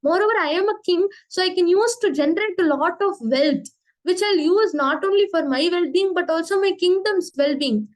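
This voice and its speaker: A woman's voice: very high voice, normal speed. A woman voicing a proud, demanding male king who talks in an insistent, bossy way. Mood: pleading.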